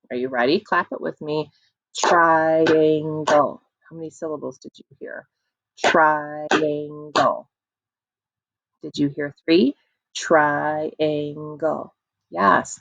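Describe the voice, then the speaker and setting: A woman teacher leading an online early-reading lesson, encouraging the children and stretching words out slowly so they can clap the syllables. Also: deep voice, gravelly, breathy edge, dry recording, rough recording. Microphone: computer mic.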